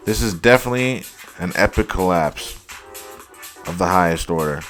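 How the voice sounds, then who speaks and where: A young man hosting a casual football highlights reaction, exasperated and profane, saying "like" constantly. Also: expressive, moderate pace, fairly bright tone, soft background music. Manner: exasperated, profane, heavy use of "like". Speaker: host.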